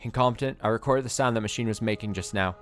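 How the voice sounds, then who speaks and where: A man's voice: fairly low pitch, fast talker, faint music behind, natural voice. A man voicing a polite, methodical young male tech detective in a game playthrough. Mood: calm.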